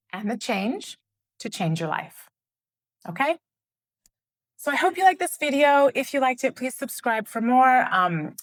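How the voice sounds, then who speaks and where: A middle-aged woman teaches a flip chart lesson straight to camera. She talks in an earnest, animated way and keeps checking in with her listeners, her voice sitting in a middle pitch. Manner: earnest, animated explainer with frequent rhetorical checks. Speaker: educator and trauma researcher.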